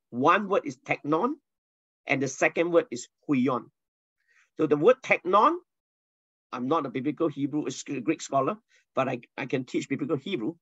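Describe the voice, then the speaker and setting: Animated man preaching a sermon. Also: fairly high pitch, dry recording, highs cut off. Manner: animated storyteller, asks the listeners questions. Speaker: pastor teaching a Bible lesson. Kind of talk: sermon teaching.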